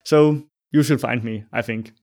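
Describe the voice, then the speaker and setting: A man speaking English with a Danish accent, chatting loosely as a podcast guest with many fillers and pauses. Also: mid-range voice, darkish tone. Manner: friendly, loose, hesitant with fillers. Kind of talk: casual interview chat.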